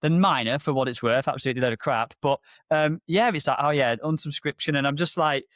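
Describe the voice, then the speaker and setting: He's an MSP business owner co-hosting a casual business podcast, recounting stories with gusto and performing exchanges in a rising voice. The pace is fast, the recording dry and studio-clean.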